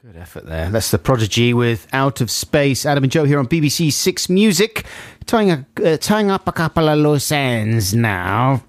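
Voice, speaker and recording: Lively, joking male radio host. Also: mid-range voice, normal speed, no echo, clean studio sound. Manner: jokey, rambling, self-mocking. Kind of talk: casual studio banter. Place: radio studio.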